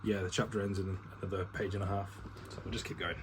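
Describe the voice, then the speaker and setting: Deep-voiced man reading a novel aloud. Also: level tone, fast, noisy background. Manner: stumbles, restarts and swears at misreadings. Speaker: reader reading a novel aloud to his partner. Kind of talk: casual read-aloud with asides.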